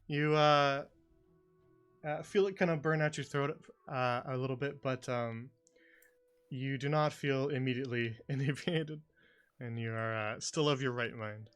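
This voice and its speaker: A man narrating as dungeon master, relaxed and full of ums and uhs. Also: medium pitch, unhurried, clear, resonant tone, soft background music. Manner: filler-heavy, relaxed narration. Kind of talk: narrating a tabletop game.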